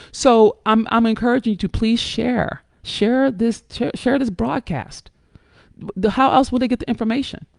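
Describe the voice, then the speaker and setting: A woman hosting a live stream, talking in an emphatic, blunt and profane way, with sudden jumps up in pitch and loudness and frequent check-ins with her listeners. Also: dry recording, clean studio sound. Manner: coaxing, checks in with listeners often. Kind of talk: impassioned live-stream talk.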